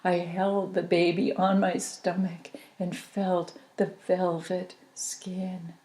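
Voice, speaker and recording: A woman reading her own memoir aloud as an audiobook, in a slow, intimate, reflective manner. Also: on the low side, little pitch movement, warm tone.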